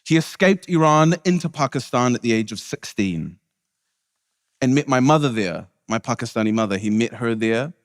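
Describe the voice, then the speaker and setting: Lively New man telling jokes. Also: mid-range voice, normal speed, clean studio sound. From New Zealand. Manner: joking, self-interrupting storytelling. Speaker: keynote speaker, comedian. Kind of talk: comic keynote speech. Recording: long hall reverb.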